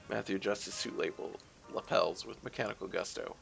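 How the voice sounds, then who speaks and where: Gravelly man reading a game aloud. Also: sits low, fairly even intonation, fairly quick, few pauses, a bit bright, soft background music. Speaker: streamer.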